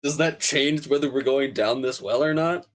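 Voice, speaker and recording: A man's voice: medium pitch, moderate pace. A man playing a tabletop game, chiming in with comments. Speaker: player. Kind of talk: casual tabletop game chat.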